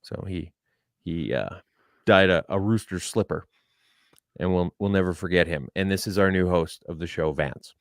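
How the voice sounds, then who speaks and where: A man co-hosting a podcast, telling a long rambling story in a casual, deadpan joking way. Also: low-pitched, normal speed, no room sound, studio quality. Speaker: podcast co-host.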